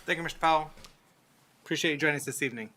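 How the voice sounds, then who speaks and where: Man, meeting chair; brisk, procedural, bright slightly high voice, faint noise. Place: city council chamber.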